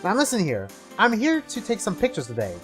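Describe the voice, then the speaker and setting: A man's voice: high-pitched, wildly swooping pitch, brisk, a bit bright, faint music behind, pitched above the performer's own voice, heavily acted. A man voicing a brash young southern woman photographer with a folksy, bossy drawl. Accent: Southern US (put on).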